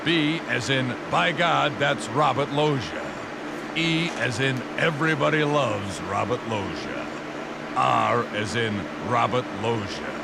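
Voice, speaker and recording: A man playing an older male celebrity who spells his own name with deadpan self-importance. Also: medium pitch, slow, vocal fry. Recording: cartoon clip with loud background noise.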